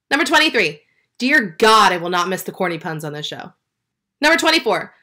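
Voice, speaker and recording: A young woman vlogging a sarcastic, excitable reaction countdown of a football show, swearing freely. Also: mid-range voice. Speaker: sports vlogger. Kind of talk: reaction commentary with numbered countdown.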